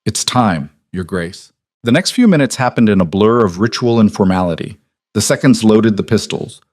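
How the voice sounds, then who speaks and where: A man narrating a historical romance audiobook in a measured, dramatic storytelling voice. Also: lowish voice, expressive, darkish tone, no echo, clean studio sound.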